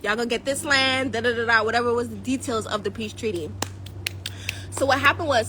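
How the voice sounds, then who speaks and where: Bright-voiced, jokey Jamaican woman. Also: a little high, fairly quick, slight background noise, poor audio. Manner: jokey and animated, laughs often, slips into patois. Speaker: spiritual coach and YouTube host. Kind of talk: casual storytelling to viewers.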